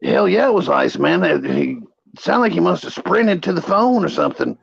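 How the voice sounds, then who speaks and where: A man's voice: high voice, lively intonation, normal speed, vocal fry, dull audio, slight background noise. A man co-hosting a casual livestream chat, rambling through stories with crude language. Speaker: co-host.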